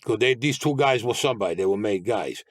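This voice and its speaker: A man's voice: on the low side, lively intonation, fast, no room sound, studio quality. A man telling his own story as a podcast guest, in a blunt, streetwise way and mostly in the present tense. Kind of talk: storytelling interview.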